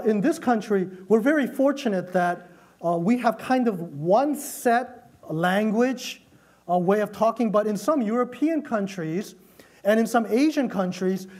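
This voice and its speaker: A man with a high voice preaches to his congregation. He keeps it conversational and emphatic, repeating key phrases and checking in with his listeners. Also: a little mellow. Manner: conversational preaching with frequent "okay?" check-ins. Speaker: pastor. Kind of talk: sermon.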